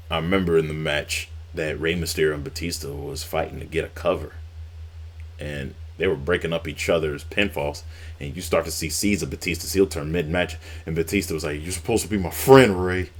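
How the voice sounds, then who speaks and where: A man's voice: low-pitched, a bit bright. A man casually recapping old wrestling storylines, rambling and swearing now and then. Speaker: wrestling YouTuber.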